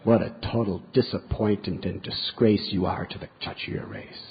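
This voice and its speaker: A man's voice: sits low, normal speed, gravelly, breathy edge, long reverb tail, heavily acted. A man voicing a proud, scolding celestial woman. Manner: indignant scolding. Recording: dull lo-fi recording.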